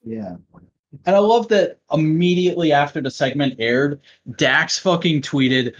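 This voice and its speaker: Male co-host, slightly high voice, excitable and profane, muffled lo-fi recording. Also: a little slow. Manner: excitable, swears freely. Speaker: podcast co-host. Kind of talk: casual chat.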